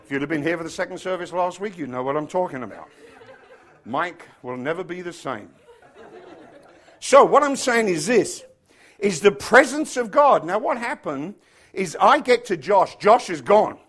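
A man's voice: high voice, sing-song, moderate pace, a bit bright. A middle-aged man from England with an English accent, preaching a chatty, joking sermon to his congregation. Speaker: pastor. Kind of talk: casual sermon.

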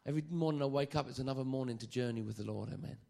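A man preaching a sermon, lively and joking, often stammering and repeating phrases. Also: mid-range voice, rapid-fire, creaky.

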